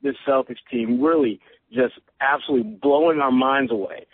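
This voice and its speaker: A man's voice: medium pitch, moderate pace, no room sound. Guy on a phone line breaking down basketball, trips over his words, tinny dry sound. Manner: thinking aloud, stammering restarts. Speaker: sports reporter guest. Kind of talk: phone-in podcast analysis.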